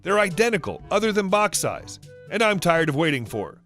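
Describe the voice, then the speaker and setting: Lively man narrating stories. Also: sits high, fairly quick. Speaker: story narrator. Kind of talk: reading reddit stories aloud. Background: faint music.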